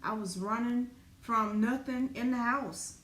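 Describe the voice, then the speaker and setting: Expressive storytelling woman, echoey room. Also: on the high side, measured pace. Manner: animated, profane, dramatic retelling with colloquial speech. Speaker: spiritual teacher and business owner. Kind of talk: raw personal storytelling talk. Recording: echoey room with faint ambient noise.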